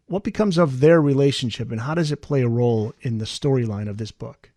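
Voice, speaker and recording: A man hosts a podcast interview, speaking at a mid pitch in a conversational way. Now and then he reads passages aloud. His voice sounds dry and close, with no room echo. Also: fairly quick, few pauses, mellow. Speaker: podcast host.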